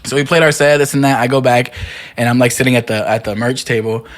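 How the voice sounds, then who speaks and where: A man's voice: medium pitch, fairly even intonation, fast. A man on a podcast telling a long story in casual chat, full of "like" and "you know what I mean".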